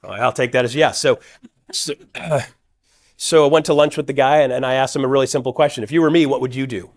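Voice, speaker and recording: A man's voice: mid-range voice, fast talker. A middle-aged man, a guest speaker, telling a personal business story and acting out the dialogue of the people in it. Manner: energetic, acts out quoted dialogue with shifting voices. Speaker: guest speaker at a real estate event.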